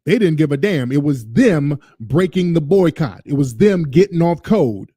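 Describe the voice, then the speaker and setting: A man's voice: fairly high pitch, lively intonation, normal speed, mellow, no echo, clean studio sound. Ranting male show host. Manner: ranting, sarcastic, mimics voices. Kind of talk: commentary over a played clip.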